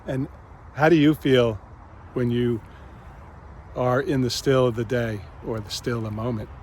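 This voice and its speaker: A man hosting his own reflective spiritual vlog, speaking gently and pausing often. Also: medium pitch, fairly even intonation, slight background noise. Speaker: channel host.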